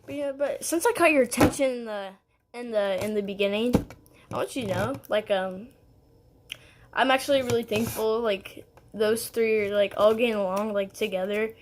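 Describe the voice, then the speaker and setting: A woman's voice: a little high, normal speed, background noise. Rambling young woman vlogging to camera. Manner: rambling, heavy on "like" and "um", giggly. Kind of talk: casual storytelling to camera.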